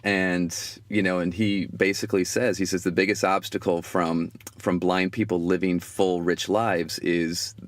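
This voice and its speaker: A man with a very low voice hosts a podcast interview, talking in a relaxed and reflective way. He often repeats words and fills pauses as he thinks aloud. The recording is dry and close, with no room sound. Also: no echo. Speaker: podcast host. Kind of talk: conversational interview.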